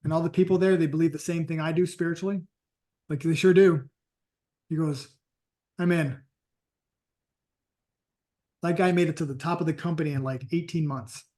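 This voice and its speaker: A man with a fairly high voice delivers a motivational training talk on sales. He tells stories in a lively, emphatic, conversational manner, like a coach talking straight to his group. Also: fast talker. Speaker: sales and network marketing coach.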